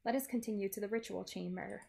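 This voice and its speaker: A woman's voice: medium pitch, steady tone, fast, gravelly, mellow, husky. A woman voicing a pompous, grandiose small male villain while reading a game aloud. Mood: menacing. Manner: pompous, theatrical.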